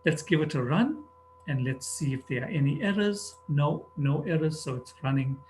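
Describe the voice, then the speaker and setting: A man's voice: fairly high pitch, animated, moderate pace, a little mellow, slight background noise. A man teaching a programming lesson, talking methodically through each step as he types. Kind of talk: screen-recorded coding tutorial. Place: at a computer, narrating over a screen recording.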